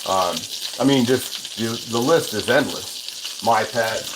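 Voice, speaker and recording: A man's voice: mid-range voice, takes it slowly. A man hosting a cooking livestream, chatting casually in a rambling way while he cooks at the stove and answers viewer comments. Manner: rambling and chatty, with many restarts. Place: home kitchen at the stove. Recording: noisy, with frying sizzle behind. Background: sizzling pan and running water.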